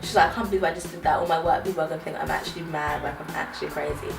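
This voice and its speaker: A woman's voice: low voice, steady tone, rapid-fire, creaky. A woman telling a story casually as a vlog co-host, chatty and acting out the voices of the people in it. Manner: chatty, acts out quoted voices. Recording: roomy, distant mic, music behind.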